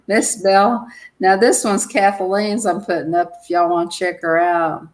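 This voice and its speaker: A woman's voice: medium pitch, little pitch movement, unhurried, rough recording. Chatty Southern woman hosting a live stream. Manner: chatty, giggly, reads viewers' comments aloud. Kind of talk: casual live stream chat.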